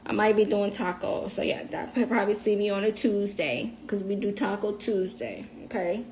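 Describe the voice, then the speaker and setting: A woman's voice: mid-range voice, fairly even intonation, normal speed, darkish tone, a little hiss or hum. A woman with a Southern US accent, talking to viewers on a livestream, emotional and blunt with curse words. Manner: emotional, swears, talks straight to the audience. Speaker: livestream host. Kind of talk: casual storytime chat to viewers.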